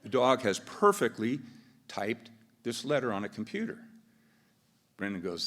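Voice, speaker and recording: With fillers and restarts, an American man gives laid-back opening remarks and tells a joke while moderating a business event at a podium microphone. His fairly low voice has a fairly bright tone, a measured pace, and frequent pauses. It was recorded in a large conference hall with long reverb.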